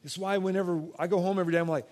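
Young guy pastor, high-ish voice, chatty sermon, gets loud then real quiet. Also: fairly even intonation, very fast. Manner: conversational preaching, swings from loud emphatic to soft and quiet.

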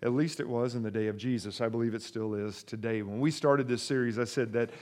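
A pastor preaches a sermon, talking conversationally to his congregation and hitting stressed words hard, his volume jumping sharply for emphasis. His mid-range voice has a darkish tone, fairly even intonation and a fairly quick pace.

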